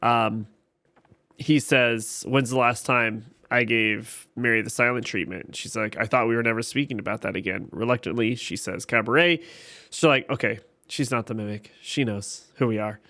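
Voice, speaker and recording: A man with a bright, forceful voice hosts a casual recap of a TV episode. He walks through each scene and quotes the characters' lines in his own voice, at a mid pitch that is typical for a man. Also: steady tone, normal speed.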